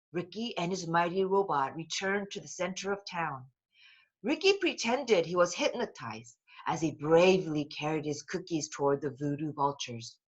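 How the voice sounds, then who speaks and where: A woman reading a children's book aloud in a slow, expressive voice. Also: deep voice, dull audio. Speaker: storybook reader.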